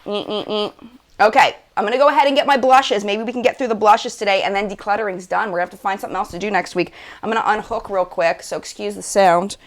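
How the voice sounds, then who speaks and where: Woman, beauty livestream host, casual chat, effusive, mid pitch. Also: fairly even intonation, fast talker. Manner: gushing, chatty, lots of "like" and "oh my gosh". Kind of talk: casual live-stream chat.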